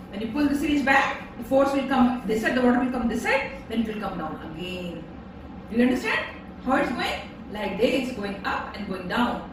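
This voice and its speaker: A woman patiently teaching her young daughter a home science activity, repeating steps and checking with a rising "okay?". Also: high voice. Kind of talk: home science lesson for a toddler. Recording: echoey room, distant mic, background noise.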